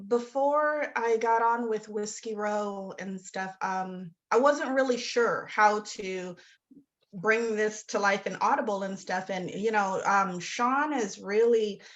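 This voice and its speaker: A woman's voice: mid-range voice, bright, forceful tone, muffled recording. A woman author being interviewed, talking in a rambling, self-deprecating way with lots of fillers and restarts. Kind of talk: casual interview chat.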